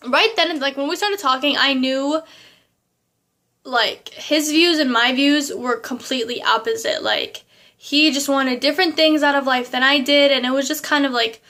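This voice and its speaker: A young woman, telling a story to camera in a casual, animated way full of fillers and asides. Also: high-pitched. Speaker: vlogger.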